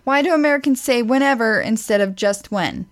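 A woman's voice: fairly high pitch, fairly quick. Teasing, dry-witted woman reading questions. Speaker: podcast co-host. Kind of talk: casual chat, reading questions from a list.

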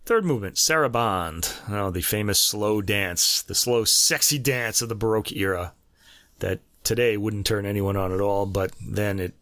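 A man hosting a casual classical music review, chatty and digressive, laughing at his own jokes and slowing down to spell out foreign terms. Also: lowish voice, a bit bright, no room sound. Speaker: host reviewing a classical album.

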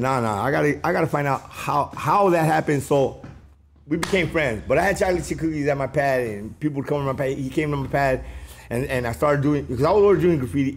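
Man, from Los Angeles area, casual storytelling, slangy, animated, slightly high voice.

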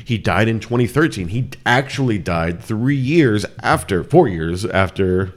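A very deep-voiced man in his thirties hosts a loose podcast conversation. He rambles through his points, restarting sentences and laughing easily as he goes. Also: expressive, unhurried. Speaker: podcast host. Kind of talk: casual chat.

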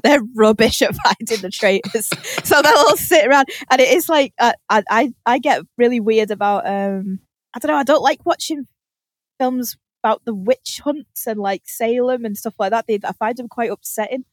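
A woman's voice: fairly high pitch, moderate pace, no echo. A woman hosting a podcast, telling a story in casual chat with lots of laughter and freely swearing. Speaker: podcast host.

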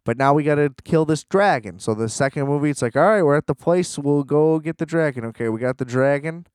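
A man's voice: on the high side, a little fast, darkish tone, no room sound, studio quality. A young man in a rambling, sarcastic casual rant, full of fillers and restarts.

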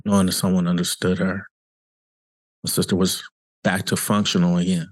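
A man's voice: low voice, level tone, normal speed, dry recording. A man who hosts a show as a cancer coach, talking earnestly and conversationally in a reflective motivational monologue, often repeating himself for emphasis. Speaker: cancer coach and podcast host.

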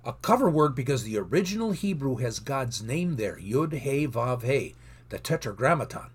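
A man's voice: mid-range voice, very animated, normal speed, slightly rough. A man teaching from the Bible in an earnest sermon, reading verses aloud with rising emphasis.

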